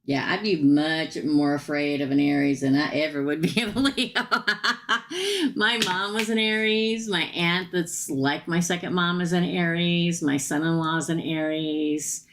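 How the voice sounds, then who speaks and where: Low, gravelly-voiced hoarse woman reading tarot. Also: measured pace, fairly bright tone. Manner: chatty, laughs often, calls the viewer "girl". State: hoarse, losing her voice. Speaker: tarot reader hosting a live stream. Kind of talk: casual live tarot reading.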